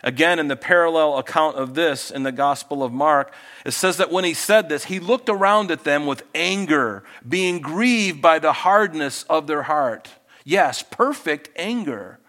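A man preaching a sermon as pastor, moving between quiet, intimate asides and raised, emphatic passages. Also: fairly high pitch, animated, a little slow.

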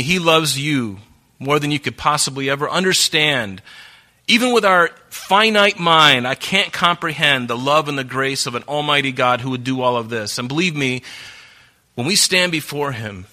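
A man preaching a sermon, reading scripture aloud and urging listeners to mark their Bibles, earnest and moving between hushed and emphatic delivery. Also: a little high, normal speed.

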